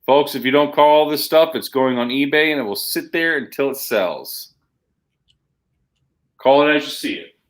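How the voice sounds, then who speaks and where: A man runs a live shopping show, hawking comic books with hyped, punchy salesman patter. His voice sits at an ordinary middle pitch, and he leans hard on prices and calls to buy. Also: normal speed. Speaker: co-host selling comics.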